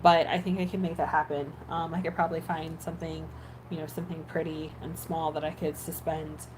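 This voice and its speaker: A woman with a lowish voice chats loosely about her video plans, drifting between thoughts with plenty of "um"s and restarts. Her tone is relaxed and conversational, and faint background hiss sits under her voice. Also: a little fast, low-quality recording. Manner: rambling, many fillers and restarts. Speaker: ASMR creator. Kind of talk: casual chat while editing.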